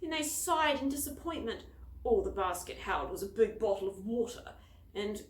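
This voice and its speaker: A woman reading her own children's picture book aloud, expressive and animated. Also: mid-range voice, moderate pace. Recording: echoey room.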